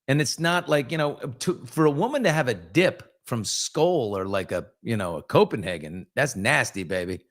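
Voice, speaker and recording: A man in his fifties hosting a casual live chat, reading viewer comments and telling candid, rambling stories. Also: mid-range voice. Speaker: host.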